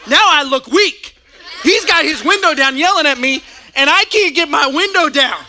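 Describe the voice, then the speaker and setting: A male pastor preaching from a church stage, with a high, very bright voice. He tells stories with lively energy and laughs often along the way. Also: moderate pace. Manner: animated storytelling with frequent laughter. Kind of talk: sermon. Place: church stage before a congregation.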